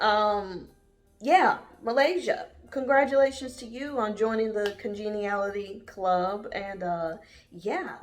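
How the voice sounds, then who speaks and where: Sassy woman vlogger, fairly high voice, rambling chatty delivery, faint music behind. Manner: sassy, with pet names like honey and darling; rambling, with many fillers and trailing asides. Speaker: vlogger reviewing a TV show. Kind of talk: casual chatty review.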